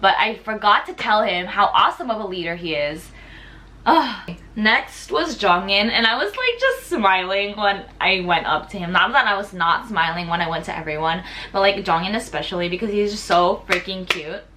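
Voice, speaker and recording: Bright, chatty young woman vlogger. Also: mid-range voice, moderate pace. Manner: chatty and excitable, lots of "like". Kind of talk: casual storytime vlog.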